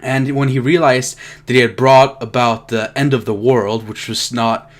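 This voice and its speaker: A man's voice: medium pitch, little pitch movement, normal speed. Profane ranting young man reviewing a film. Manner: profane, exasperated ranting with mocking impressions. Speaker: movie reviewer.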